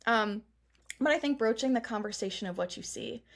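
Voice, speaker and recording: A middle-aged woman performance coach chatting as an interview guest, animated, laughing often and acting out the lines she quotes. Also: fairly high pitch, a little fast, creaky. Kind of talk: casual interview chat.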